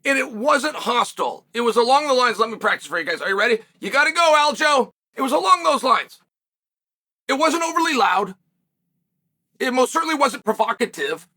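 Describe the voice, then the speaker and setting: A man's voice: very high voice, big pitch swings, fairly quick, bright, forceful tone. A man hosting a solo sports commentary show, talking emphatically, asking rhetorical questions and sometimes raising his voice. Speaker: combat sports commentator host.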